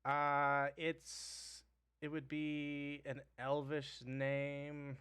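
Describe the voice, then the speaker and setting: Slow, halting man running the game. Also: on the high side, completely flat delivery, a bit bright, clear, resonant tone. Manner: halting, thinks aloud while describing. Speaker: game master. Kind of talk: running a tabletop game on a live stream.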